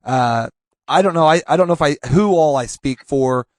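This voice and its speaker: A man hosting a casual comedy podcast, speaking earnestly in halting starts and restarts. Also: a little high, no room sound. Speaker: podcast host.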